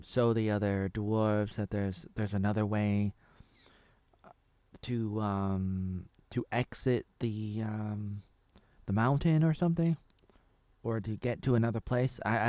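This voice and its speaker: A man in his thirties from the United States reviews a TV episode in a loose, rambling way, full of fillers and side comments. His voice sits fairly low, and the sound is dry and close. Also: darkish tone, dry recording. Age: 30s. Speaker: TV show reviewer. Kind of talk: casual spoken review.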